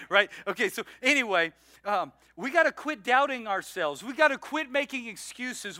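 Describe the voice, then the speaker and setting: Male pastor, high bright voice, dry close sound, animated storyteller sermon. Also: no room sound. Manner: storytelling, animated, self-mocking, with laughs. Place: church sanctuary.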